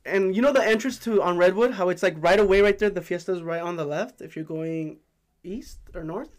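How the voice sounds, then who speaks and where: Fast-talking, rambling man on a podcast. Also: high voice. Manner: rambling storyteller, many fillers. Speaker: podcast host. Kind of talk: casual chat.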